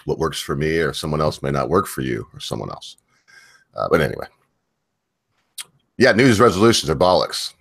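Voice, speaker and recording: A man with a very low voice hosts a casual stream, rambling through his points with plenty of fillers and easy laughs. The sound is dry and close, with no room around it. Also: animated, a little fast, gravelly, pauses often, fairly bright tone, slightly rough, no room sound. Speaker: podcast host.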